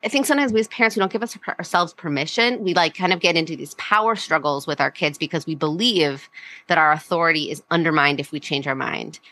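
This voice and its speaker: A woman's voice: sits low, fast, bright, forceful tone. A woman psychologist, a guest on a podcast, explaining parenting ideas in a casual way with frequent fillers. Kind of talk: podcast interview.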